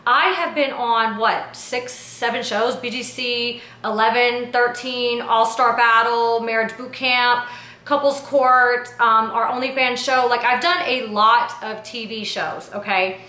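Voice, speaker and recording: A woman telling a behind-the-scenes story to camera in a casual recap, talking in an animated, indignant way full of slang like "yo" and "like". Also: on the high side, unhurried. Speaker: reality TV personality and producer. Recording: echoey room.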